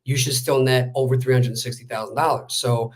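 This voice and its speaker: As a guest in a relaxed interview, a man who works as a real estate wholesaler recounts a story quickly and chattily, packed with fillers. He speaks at medium pitch with fairly even intonation.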